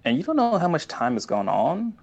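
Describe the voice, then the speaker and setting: A man's voice: a little high, wildly swooping pitch, fairly quick, a little mellow, breathy edge, lo-fi sound. A man casually recapping a favorite show scene, earnest and enthusiastic, rambling with fillers and restarts.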